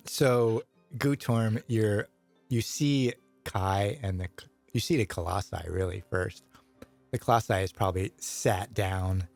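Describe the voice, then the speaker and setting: A man's voice: fairly low pitch, a little mellow. A man running a tabletop game as game master, narrating in a loose, rambling way and laughing often.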